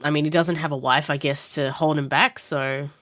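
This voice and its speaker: A woman game master narrates a tabletop game in a casual, rambling manner. Her voice sits low, and the recording is dry and close with no room sound. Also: fairly even intonation, normal speed, fairly bright tone, no echo.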